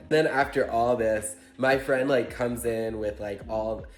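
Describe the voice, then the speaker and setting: A man's voice: mid-range voice, measured pace. Chatty man in a roomy space. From Tennessee, US. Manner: chatty, animated, heavy use of "like". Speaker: vlogger. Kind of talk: casual storytime chat. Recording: roomy echo with faint music.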